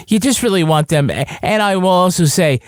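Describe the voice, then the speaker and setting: A man's voice: high voice, lively intonation, normal speed, no echo, clean studio sound. A man co-hosting a podcast, chatting casually with wry jokes. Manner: wry and joking. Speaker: podcast co-host.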